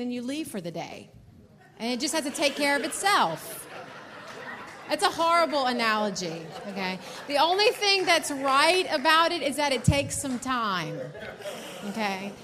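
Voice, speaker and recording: A woman teaching couples at a marriage seminar, speaking directly and often checking in with "okay?". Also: sits high.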